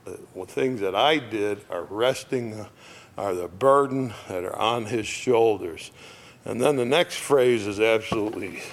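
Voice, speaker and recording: Slow, hushed male preacher. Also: on the low side. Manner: slow, reflective, dropping to a hush on key words. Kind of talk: sermon.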